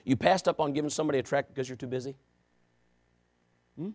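A man preaching a sermon, telling a story with asides to the congregation and swinging from shouting to quiet confession. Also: mid-range voice, quick pace.

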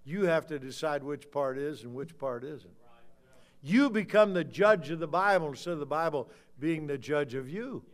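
An older man preaching a fiery sermon, swinging from low muttering to loud shouts. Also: lively intonation, moderate pace. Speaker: pastor.

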